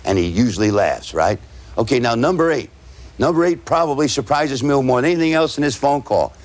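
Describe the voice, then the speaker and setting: A sales trainer with a mid-range male voice and lively intonation lectures a room of salespeople. He lays out his method point by point, capping each one with a rhetorical "right?" and spelling out words slowly.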